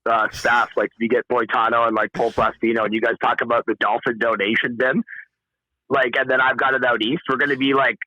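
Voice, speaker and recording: A man's voice: mid-range voice, flat delivery, fairly quick, bright, forceful tone, no echo. Goofy rambling man on muffled call audio. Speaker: guest. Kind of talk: casual chat over a live stream call.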